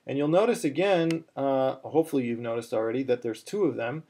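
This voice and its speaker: A man's voice: mid-range voice, fairly quick, warm tone. A man teaching a chanting lesson, explaining step by step with many fillers and restarts, now and then breaking into chant. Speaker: cantillation teacher.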